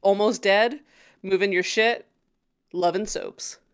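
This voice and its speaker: A woman's voice: medium pitch, steady tone, takes it slowly, clear, resonant tone. A woman co-hosting a podcast, recapping a TV episode in casual chat, laughing often and swearing freely.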